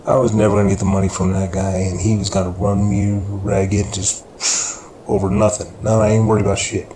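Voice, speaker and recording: A man's voice: fairly low pitch, little pitch movement, fairly quick, close to an everyday voice. A man voicing a brutal, mocking neighborhood drug boss in a narrated story. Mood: menacing. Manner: menacing, mocking. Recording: echoey room with background noise.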